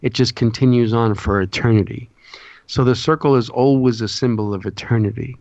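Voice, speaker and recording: A man's voice: medium pitch, fairly even intonation, fairly quick, a little mellow, dry recording, highs cut off. A man, a podcast guest, explaining symbolism in a lecturing way, often checking in with his listeners.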